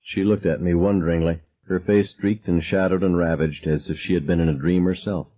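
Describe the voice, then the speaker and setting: A man reading a novel aloud as narrator, calm and measured, dropping low on dialogue tags. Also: dull audio. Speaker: audiobook narrator. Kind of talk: scripted narration.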